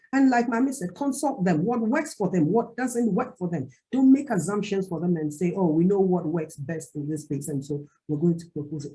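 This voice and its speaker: A woman's voice: lowish voice, dark tone, breathy edge, rough recording. A woman panelist making an emphatic, persuasive case in an online discussion.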